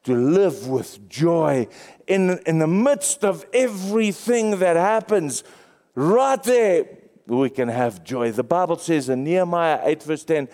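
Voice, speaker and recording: A male pastor preaching a sermon, swinging between excited highs and hushed lows. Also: takes it slowly. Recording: long reverb.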